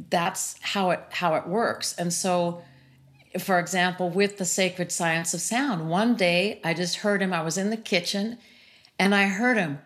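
A middle-aged woman and sound healer speaking earnestly and reflectively as a guest, with many "you know" fillers. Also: lowish voice. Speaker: sound healer and interview series host, as guest. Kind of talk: personal conversation about grief.

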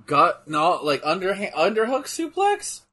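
A man co-hosting a casual chat while watching wrestling, joking and breaking into loud outbursts. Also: high-pitched, a little slow. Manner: loud, excitable, jokey outbursts. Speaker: podcast co-host.

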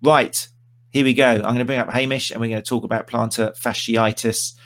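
A man's voice: mid-range voice, steady tone, a little fast, a bit bright. A man hosting a live stream in a chatty, self-deprecating way, with lots of ums. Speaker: host.

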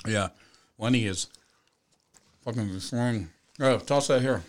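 A man's voice: mid-range voice, measured pace. A man hosting a casual livestream chat, joking and swearing while eating. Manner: joking, profane, eats while talking. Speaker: host.

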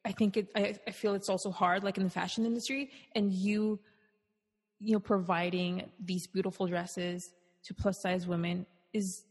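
Breathy rambling woman host. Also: mid-range voice, flat delivery, normal speed, a little mellow. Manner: rambling, restarting questions. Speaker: podcast host. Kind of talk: conversational interview. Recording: long room reverb.

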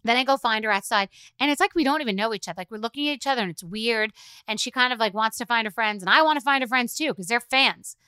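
A woman's voice: a little high, fast, pushed and bright, smooth, no echo. A middle-aged woman hosting a podcast, telling a rambling, profane, exasperated story full of "like"s. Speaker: podcast host. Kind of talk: solo comedic rant.

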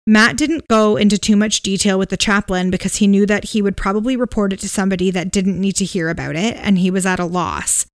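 Talking a little fast with few pauses, a woman with a mid-range voice co-hosts a podcast and casually retells a ghost story full of "um"s, "like"s and hedging. The studio audio is clean, with no echo.

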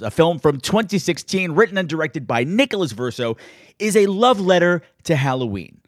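A man hosting a podcast in casual chat, theatrical and excitable, laughing easily. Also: fairly high pitch, normal speed, no room sound, studio quality. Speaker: podcast host. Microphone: podcast microphone.

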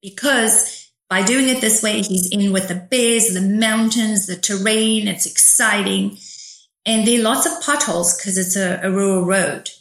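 A woman's voice: medium pitch, a little slow. Middle-aged woman guest, vivid storyteller, recorded in an echoey room. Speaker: author guest. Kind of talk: storytelling interview answers. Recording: roomy echo.

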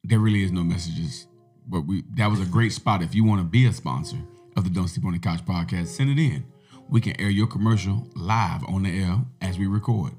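A man hosting a casual podcast, joking and hyping the show, swinging between easygoing talk and loud bursts. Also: low-pitched, brisk, faint music behind. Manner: hypes and joking, shifts from laid-back to loud. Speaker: podcast host.

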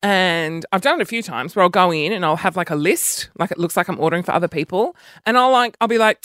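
A man's voice: high-pitched, quick pace, few pauses, bright, forceful tone, dry recording. Australian man, casual vlog chat, self-mocking, rambling, dry small room. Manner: rambling, self-mocking, jumps between topics. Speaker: vlogger. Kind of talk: casual monologue to camera.

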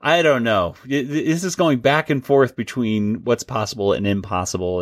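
A man's voice: medium pitch, moderate pace, few pauses, no echo. A man hosting a casual podcast chat, talking loosely and laughing often. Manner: chatty, laughs often, restarts. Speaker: podcast host.

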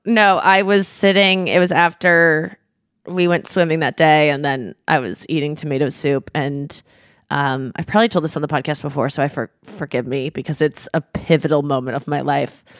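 At a normal speed, a young woman co-hosting a podcast recounts a story in relaxed conversation, cursing freely and staying animated throughout. When she quotes people, she shrieks their lines. The studio sound is clean, with no room sound.

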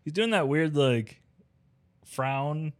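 A man's voice: on the high side, lively intonation, slow. Dry, wry man chatting about films. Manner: dry, wry, laughing along. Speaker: podcast co-host. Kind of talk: casual movie review chat.

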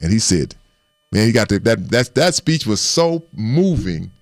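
A former football player tells stories on a sports talk show, and his voice is gravelly and swings widely in pitch. He acts out what others said as he goes. The sound is dry and close. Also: unhurried, no echo. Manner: animated storyteller, acts out quotes. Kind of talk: casual sports talk, storytelling.

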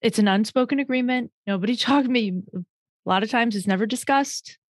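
A woman's voice: fairly high pitch, fairly quick, dry recording, studio quality. A woman in casual chat, explaining her view firmly and giving advice. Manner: firm, explanatory, gives advice.

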